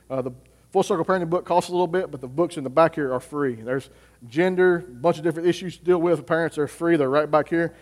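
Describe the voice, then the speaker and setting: A man, a youth pastor, preaching a sermon and asking the congregation questions he then answers himself. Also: on the high side. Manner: asks the audience rhetorical questions and answers them. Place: church with reverberant hall. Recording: long reverb of a church hall.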